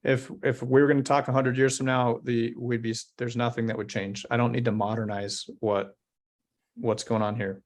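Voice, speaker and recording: Guy founder talking up his business in an interview, earnest and motivational, slows down on the big points. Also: medium pitch, little pitch movement. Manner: earnest, motivational, slows to stress key words. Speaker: company founder and CEO. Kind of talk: interview answers.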